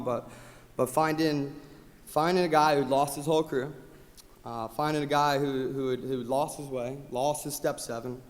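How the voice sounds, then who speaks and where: A man delivers a motivational award speech at a company rally, with an impassioned delivery that swings between loud rallying cries and hushed gratitude. His voice sits at an ordinary middle pitch. A long reverb from the large hall trails every phrase.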